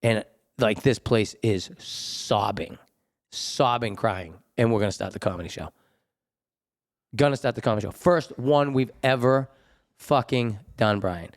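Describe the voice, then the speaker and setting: A male comedian, hosting and telling stories in a casual chat, animated, jumping into high voices for quotes. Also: unhurried. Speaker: comedian and podcast host. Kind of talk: casual storytelling.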